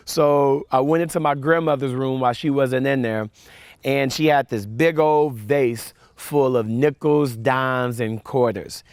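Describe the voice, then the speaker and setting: Guy telling a story sermon, animated, lots of uh's, goes soft n quiet, dry mic. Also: mid-range voice, measured pace, smooth, no echo. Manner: animated storyteller with fillers and repeats; drops soft and quiet for reflection. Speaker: camp speaker.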